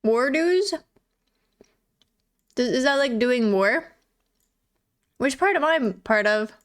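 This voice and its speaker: A woman's voice: on the high side, expressive, unhurried. A woman streamer in casual live chat, giggly and chatty, reading and answering chat.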